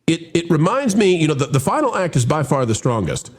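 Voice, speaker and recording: Guy hosting a movie review, kinda high voice, swoopy showman delivery, lots of restarts. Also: a little fast, slightly rough. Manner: showman-style greetings, animated and rambling with restarts. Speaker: host. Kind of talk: casual movie review chat.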